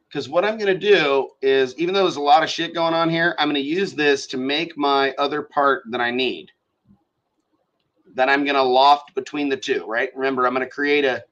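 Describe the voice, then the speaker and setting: A man with a fairly high, bright and forceful voice walks viewers through design software on a casual live stream. He swears freely and thinks out loud as he clicks through each step. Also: highs cut off. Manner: profane, thinks aloud while working. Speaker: show host teaching design software.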